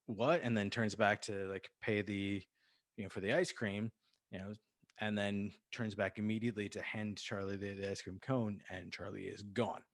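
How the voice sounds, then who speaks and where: A man's voice: fairly low pitch, level tone, normal speed, no room sound. A man co-hosting a podcast, casually recapping a film with lots of fillers and laughter. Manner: rambling, laughs, acts out quoted lines. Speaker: podcast co-host. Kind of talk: casual movie recap chat.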